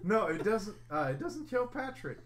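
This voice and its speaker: A man running a tabletop game as game master, halting and full of fillers, laughing as he narrates. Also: high voice, sing-song, crowd noise. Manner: halting, full of ums and likes, laughs often. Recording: noisy home table recording. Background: players chatting and laughing.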